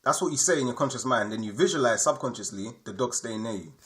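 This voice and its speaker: A man's voice: mid-range voice, lively intonation, fast talker, fairly bright tone. A man giving a spiritual lesson, repeating his points emphatically and checking in with his listeners. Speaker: spiritual teacher. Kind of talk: explanatory spoken lesson.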